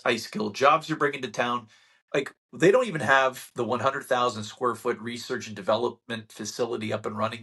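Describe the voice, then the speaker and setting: Husky man, channel host, fired-up sarcastic market update. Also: medium pitch. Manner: animated ranting, sarcastic mock quotes. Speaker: real estate channel host. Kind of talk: casual market-update talk to camera.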